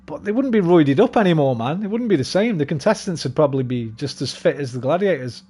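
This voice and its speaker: A man's voice: fairly high pitch, animated, fast, warm tone, breathy edge. A young man rambling casually and swearing freely while streaming a game. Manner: rambling, sweary, laid-back. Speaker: gaming streamer. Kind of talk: casual chat while gaming.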